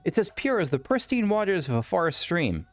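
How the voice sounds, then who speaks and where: A man's voice: high voice, very animated, fairly quick, dry recording, faint music behind, voice pushed up. A man reading game dialogue aloud as a lovesick, devoted male admirer who watches from the shadows.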